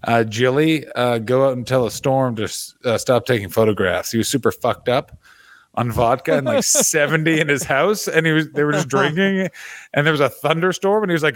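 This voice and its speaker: A man's voice: medium pitch, brisk, no room sound. A man co-hosting a comedy podcast, swearing freely and riffing with mock voices in casual chat. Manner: profane, riffs with mock impressions.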